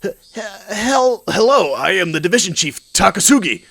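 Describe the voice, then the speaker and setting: A man's voice: mid-range voice, fairly quick, pushed and bright. Man playing a stammering nervous police chief. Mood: nervous placating. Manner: stammering, placating. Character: nervous stuttering male police division chief.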